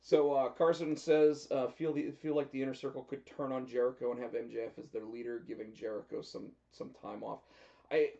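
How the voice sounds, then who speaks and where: A man hosting a casual live chat show in a relaxed way, reading out viewer comments. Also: medium pitch, brisk, gravelly, highs cut off. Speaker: host.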